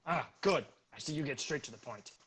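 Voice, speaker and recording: A man voicing a very large male hobgoblin slave trader who haggles briskly over prices in a tabletop game. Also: fairly high pitch, expressive, fairly bright tone, breathy edge. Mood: haggling.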